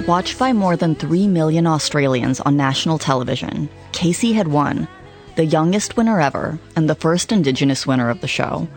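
Woman, podcast host, measured narration, gravelly voice, faint music. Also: sits low, expressive. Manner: measured, probing questions. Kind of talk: scripted narration and interviewing.

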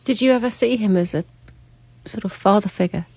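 A woman hosts an interview and prompts her guest with short, gentle questions. Her voice is mid-pitched. The sound is dry and close. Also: brisk, gravelly, breathy edge, no room sound.

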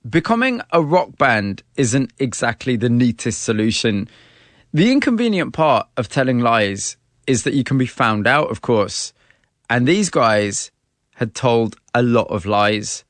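A male host who narrates the story in scripted passages and questions his guest in a probing way. His voice is a steady middle pitch. It is recorded close and dry. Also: a little slow, dry recording. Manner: probing, sums up and challenges the guest.

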